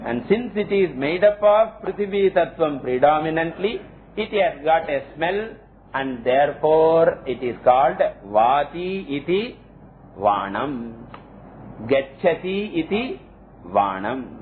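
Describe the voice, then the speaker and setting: Male teacher, fairly high voice, measured scripture class, lo-fi phone-like recording. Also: animated. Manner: slow, explanatory, chants Sanskrit terms. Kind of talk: scriptural lecture. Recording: tinny phone-like lo-fi audio, faint hiss.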